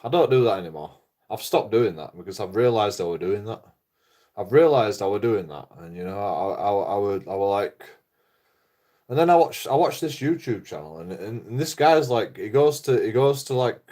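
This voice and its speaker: A man with a slightly low voice chats loosely on a livestream. He swears freely, loses his thread, repeats himself and chuckles at his own jokes. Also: big pitch swings, moderate pace, dark tone. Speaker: livestreaming vlogger. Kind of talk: rambling casual livestream chat.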